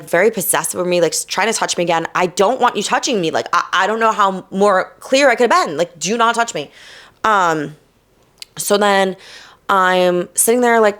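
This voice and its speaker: A young woman from New Jersey hosts her own podcast, spilling a night-out story in a loose, chatty way. Her voice sits a little low, and she drops into sassy mock quotes and casual swearing. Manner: animated, swearing, mock-quoting others with sass. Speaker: podcast host.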